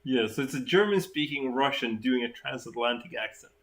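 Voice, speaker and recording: Bright-voiced Swedish man, hesitant. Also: medium pitch, animated, a little fast. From Sweden. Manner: hesitant, many fillers and restarts. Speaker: co-host. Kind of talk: casual chat.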